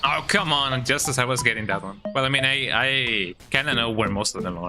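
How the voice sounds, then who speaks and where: Man, game streamer, playful joking delivery, mid-pitched, game music behind. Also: fairly quick, hardly any pauses, poor audio. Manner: playful, reads game dialogue aloud, tags lines with "eh?". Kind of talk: casual gameplay commentary.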